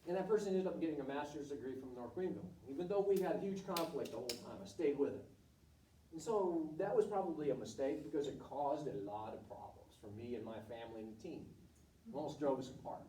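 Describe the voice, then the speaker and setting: An animated middle-aged man with a high-leaning, dark voice talks quickly. He's a volleyball coach giving students an informal, blunt presentation full of career anecdotes and acted quotes, captured far off in an echoey room with some background noise.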